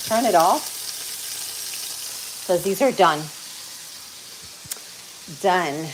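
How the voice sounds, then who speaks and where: Chatting with viewers as she cooks on a casual livestream from her home kitchen, this woman speaks very slowly in an expressive, lowish voice. Frying and sizzling fill the background, along with other noise.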